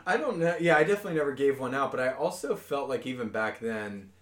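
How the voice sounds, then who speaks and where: A male podcast co-host in his thirties, chatting casually with a friend. His voice sits in an ordinary middle pitch. He jokes and swears freely, with sudden animated bursts. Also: fast talker.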